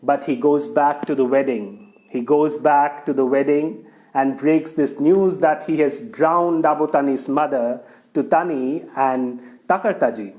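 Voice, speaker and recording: A man's voice: mid-range voice, unhurried. A man telling a folk tale aloud, speaking straight to his listeners. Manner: lively, addresses the listener directly. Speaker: storyteller. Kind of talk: oral folk storytelling.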